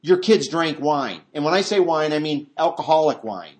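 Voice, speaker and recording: Guy preaching thru a bible passage, kinda high voice, chatty, jumps up loud for the quotes. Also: normal speed. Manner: animated, acts out quotes in a raised voice; conversational asides and restarts. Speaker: pastor. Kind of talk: verse-by-verse Bible teaching.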